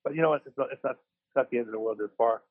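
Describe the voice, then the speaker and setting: Speaking rapid-fire with a breathy edge and a mid-range voice, a man co-hosts a laid-back sports podcast from a hospital bed after his operation. He keeps restarting, wanders off topic and runs himself down, heard through a tinny phone connection.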